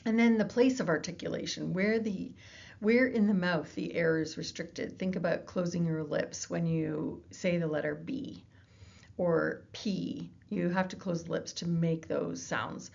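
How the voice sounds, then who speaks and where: A woman giving a recorded lecture, her voice low-pitched and gravelly with noticeable fry. She explains things patiently, often pausing on fillers and restarting sentences. The recording sounds dull and lo-fi. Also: steady tone, a little mellow. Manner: explanatory, with fillers and self-corrections. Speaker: psychology lecturer.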